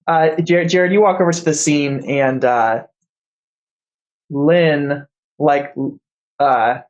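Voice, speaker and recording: A man's voice: fairly high pitch, lo-fi sound. A man narrating as game master, hesitant and full of fillers.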